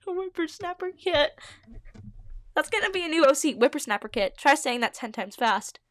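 Woman, host, reading old fanfiction aloud, giggly self-mocking asides, fairly high voice, dry close sound. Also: very animated, moderate pace, fairly bright tone, no room sound. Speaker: podcast host.

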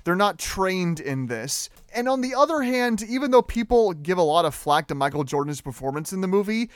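High-voiced man hosting a movie podcast. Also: moderate pace, no echo. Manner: animated, opinionated, frequent fillers. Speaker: podcast host. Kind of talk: casual movie review chat.

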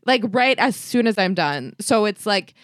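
A woman hosting a podcast, her pitch swinging up and down as she chats. She laughs easily and leaves sentences hanging. The sound is close and dry. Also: lively intonation, normal speed, no room sound. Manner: chatty, laughs often, trails off mid-sentence. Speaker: podcast host. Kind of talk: casual chat.

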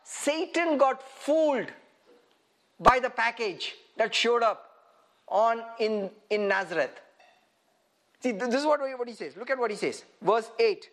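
A man preaching a sermon in an animated way, often laughing and asking his listeners rhetorical questions. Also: extremely high pitch, slow, pauses often.

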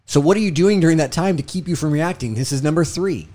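A man who was a hostage negotiator, giving a motivational talk. He is emphatic and repeats himself, rising when telling stories and dropping low and quiet on key lessons. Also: fast.

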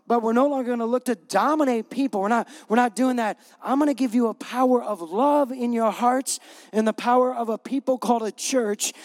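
A middle-aged male pastor giving a conversational, emphatic sermon with repeated punch lines. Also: very high-pitched. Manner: gets choked up, laughing through emotion.

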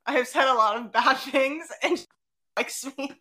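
Young woman co-host just chatting, bright forceful voice, tells stories by doing everybody's lines. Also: high-pitched, normal speed. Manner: animated storytelling, acting out quotes. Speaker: podcast co-host. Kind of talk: casual chat.

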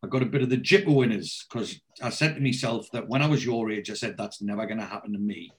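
A man's voice: on the low side, fast, pitched below the performer's own voice, close to an everyday voice. A man retelling as a musing dad. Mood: reflective. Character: middle-aged Geordie dad, rough but proud, rambling.

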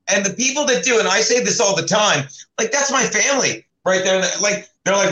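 A man from South Jersey, a comedian hosting a casual talk show, telling stories in a quick, profane, animated way. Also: high voice, reverberant, rough recording. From South Jersey, United States. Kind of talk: casual podcast chat.

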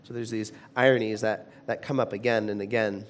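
A man preaching a sermon in a conversational way, with frequent restarts, who grows animated when he retells a story. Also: on the low side, brisk, slight background noise. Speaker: pastor.

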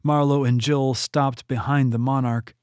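A man's voice: measured pace, smooth, no room sound. Man narrating a fantasy novel, dry close mic. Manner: steady storytelling read, lifting pitch for quoted characters. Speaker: audiobook narrator. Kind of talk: scripted narration.

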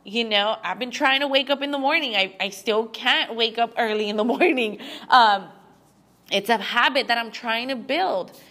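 A young woman talks to her listeners in a halting, emotional monologue, restarting her sentences as tears come close. Her voice is bright and sits a little high. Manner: halting, with frequent restarts and fillers. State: teary. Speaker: podcast host.

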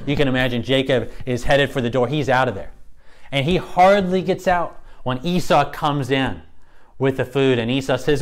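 A man teaching a Bible story in a casual, conversational way, retelling scenes with lively storytelling. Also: mid-range voice.

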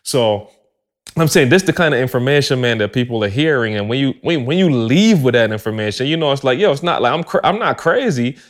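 A man co-hosting a podcast, talking in an emphatic, excitable, slangy way and reading a sponsor spot. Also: mid-range voice, brisk. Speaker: podcast co-host. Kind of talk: casual chat and host-read ad.

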